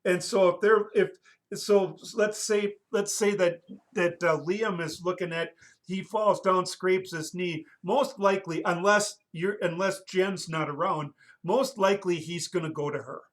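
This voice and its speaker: A man's voice: high-pitched, fairly even intonation. A man speaking thoughtfully in a casual podcast discussion, often stopping and restarting his sentences. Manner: thoughtful, halting, many restarts.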